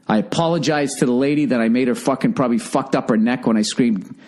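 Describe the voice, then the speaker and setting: A man's voice: medium pitch, fast, a little mellow. A middle-aged man telling a story in a casual podcast monologue, profane and exasperated, ranting as he goes. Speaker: podcast host.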